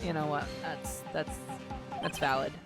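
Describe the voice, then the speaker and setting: A young adult woman streams a game with music in the background, her low voice unhurried and fairly flat in pitch. She chats playfully and reads the dialogue out loud as casual commentary.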